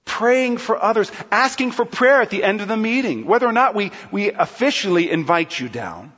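A male pastor preaching a sermon in a large church hall, lively and playful, often acting out quotes. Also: high-pitched, moderate pace, breathy edge. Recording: long hall reverb, dull sound.

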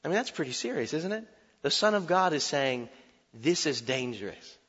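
Animated preacher man in a reverberant hall. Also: on the high side, fairly quick. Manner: animated, shifts from shouted warnings to quiet reflection, self-deprecating humor. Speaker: pastor. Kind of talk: sermon. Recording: dull sound with long hall reverb.

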